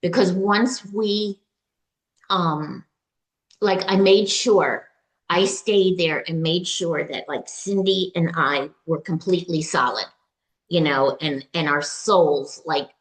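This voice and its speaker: A woman with a somewhat low voice speaks as an interview guest, sharing a personal experience. Her telling is halting and emotional, full of fillers, restarts and quoted exchanges. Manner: recounts dialogue in quoted voices. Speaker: retreat client, interview guest. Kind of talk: personal story, conversational.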